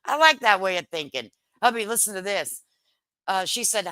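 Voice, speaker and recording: A woman's voice: mid-range voice, animated, normal speed, sharp tone, no room sound. A middle-aged woman hosting a casual livestream, reading viewer comments in a brash, joking way, swearing lightly and laughing often. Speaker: livestream host.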